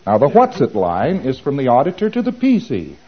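A man's voice: mid-range voice, a little fast, breathy edge. A man gives a loose, informal lecture, breaking into little acted exchanges as he explains. His voice sits in an ordinary middle register. The sound is muffled and lo-fi, like an old tape recording. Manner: animated, acts out both sides of dialogues.

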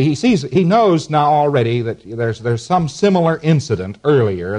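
A man lecturing at an ordinary pitch, pointing out diagrams as he goes. He chuckles now and then and briefly acts out examples to make a point. His tone is that of an instructor talking students through a procedure. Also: a little mellow. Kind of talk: classroom lecture.

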